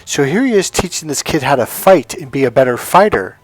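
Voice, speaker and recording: A man's voice: on the high side, sing-song, fairly quick, dry recording. A man coaching other men on dating in an emphatic, blunt monologue, swearing freely as he drives his points home. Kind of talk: motivational monologue to camera.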